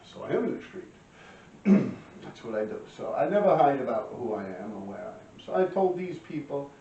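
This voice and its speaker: A middle-aged man tells a street story in a casual, profane, animated way, often clearing his throat. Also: medium pitch, normal speed, a little hiss or hum. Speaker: graffiti writer telling a story. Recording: roomy, distant, dull lo-fi mic.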